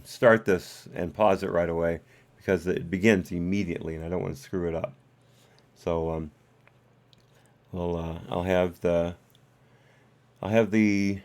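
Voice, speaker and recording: A low-voiced man hosts a live stream and talks through his commentary in a loose, rambling way. He hesitates often and fills the gaps with ums and uhs. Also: clean tone. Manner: rambling, hesitant, with many fillers. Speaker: host.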